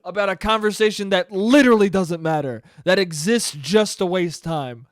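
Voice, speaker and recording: A young man delivering a solo comedy podcast rant that is animated and profane, slipping into acted-out snippets of dialogue. His voice sits a bit high for a man. The sound is dry and close, with no room echo. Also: normal speed. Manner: ranting, animated, profane, acts out quoted dialogue. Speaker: podcast host.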